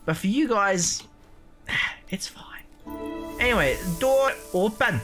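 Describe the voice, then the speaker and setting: Brief: crude, joking gameplay commentator, widely swinging pitch. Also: very animated, slow, long pauses, a bit bright, soft background music. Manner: swearing, joking, talks to the game character. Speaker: let's play host.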